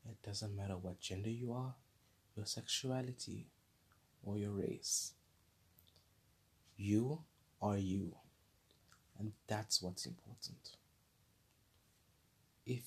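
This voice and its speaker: A man with a fairly low, husky voice hosts his own podcast segment and speaks slowly, leaving long pauses. His monologue is earnest, rambling and unscripted, and he often repeats himself.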